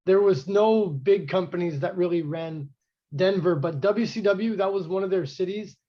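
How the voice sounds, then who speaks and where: A man's voice: high voice, normal speed. A man, co-hosting a casual wrestling podcast and rambling through history with many fillers. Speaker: podcast co-host. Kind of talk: casual chat. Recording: dull lo-fi sound.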